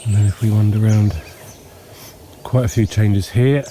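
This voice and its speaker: At dawn in a rural yard, a homestead vlogger gives a casual outdoor walking tour. His fairly low voice is interrupted by hay-fever sniffles and throat clearing, and he speaks in a relaxed, unhurried way with lots of ums and pauses. Faint outdoor sound, including birdsong and insects, fills the background.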